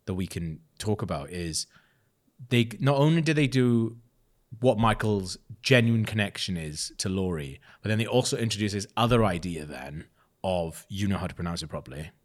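Rambling podcast co-host. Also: male voice, low voice, normal speed. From Wales. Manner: rambling, animated, with many restarts. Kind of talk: casual film discussion.

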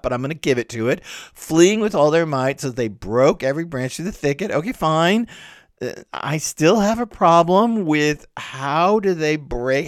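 A man giving an explanatory literature lecture, animated and full of incredulous rhetorical questions. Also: medium pitch, no echo, clean studio sound.

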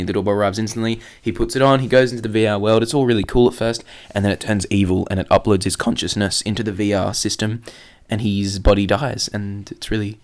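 Laughing young man, podcast co-host. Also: lowish voice. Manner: laughs often, rambling with restarts. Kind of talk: casual chat. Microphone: podcast mic.

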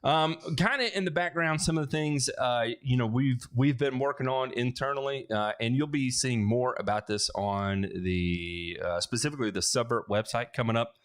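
A man's voice: medium pitch, moderate pace, few pauses. Casual rambling man hosting a livestream. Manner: rambling, restarts a lot, joking asides. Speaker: host of a lawn care livestream. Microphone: headphones with mic.

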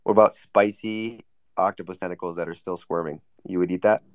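A man's voice: low voice, steady tone, a little fast, dry recording. A man hosting a casual group chat, joking and teasing guests, often mimicking them in a whiny voice. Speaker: host.

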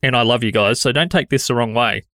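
A man with an Australian accent delivers a solo podcast monologue in a frank, conversational way, with a touch of exasperation. His voice sits at an ordinary middle pitch. It is captured close on a studio dynamic mic in a completely dry room. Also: fast talker, a bit bright, no echo. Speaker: podcast host. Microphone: studio dynamic microphone.

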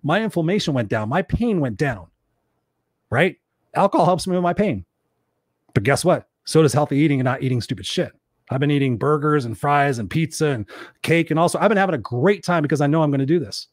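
A man's voice: on the high side, expressive, brisk, dry recording, studio quality. Blunt, profane motivational man. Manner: blunt, profane and emphatic, fires rhetorical questions. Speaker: motivational speaker. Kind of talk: motivational monologue.

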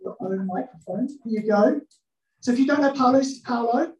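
A woman's voice: on the high side, fairly quick, darkish tone, highs cut off. A woman preaching a sermon to a church congregation, humorous and acting out little scenes. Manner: humorous, acts out scenes in voices. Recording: echoey church hall, mic from a distance.

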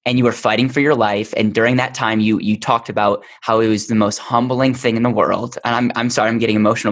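A man hosting a casual interview podcast, affirming and quick to agree with his guest. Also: mid-range voice, little pitch movement. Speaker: podcast host.

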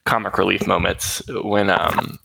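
A man's voice: deep voice, level tone, a little slow, creaky, bright, forceful tone, slightly rough, dry recording, rough recording. A young man from West Virginia co-hosting a podcast, chatting casually and laid-back about a book, swearing and laughing often. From West Virginia, USA. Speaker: podcast co-host.

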